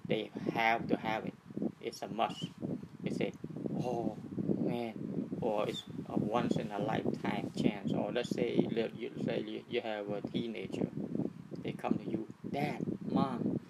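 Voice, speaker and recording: A man giving an informal teaching talk, repeating himself and checking in with his listeners with "right?" and "okay". Loud noise runs under the recording. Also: on the low side, level tone, moderate pace, vocal fry. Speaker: speaker giving a talk on attachment.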